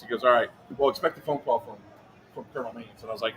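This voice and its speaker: A man casually telling a long, profane story, quick and animated. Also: fairly high pitch. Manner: fast, animated, swearing anecdote teller. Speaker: livestream co-host. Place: outdoor airsoft event. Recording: noisy event ambience.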